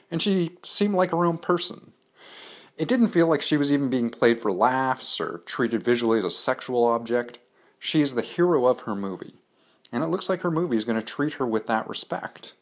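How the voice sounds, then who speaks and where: A man's voice: mid-range voice, animated, normal speed. A man hosting a comics analysis show, giving candid, opinionated reviews in a scripted monologue with dry jokes. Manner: candid, opinionated, dryly joking.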